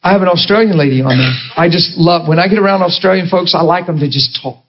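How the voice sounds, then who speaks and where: High-voiced male preacher, joking and laughing, quizzing the room; muffled lo-fi recording. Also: fast talker. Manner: chatty and jokey, laughing often, asking the listeners questions. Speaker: pastor and Bible teacher. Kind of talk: sermon.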